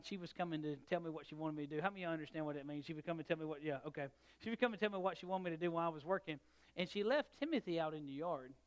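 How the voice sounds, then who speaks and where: A middle-aged man preaching a sermon, telling a story and swinging between loud and soft. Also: fairly high pitch, clear, resonant tone. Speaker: pastor.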